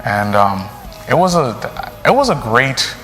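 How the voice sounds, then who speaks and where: A man's voice: medium pitch, slow pace. Young man, priest, earnest storytelling in a mid-range voice; reverberant space, faint music. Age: young adult. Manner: earnest, animated with frequent fillers. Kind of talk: personal storytelling.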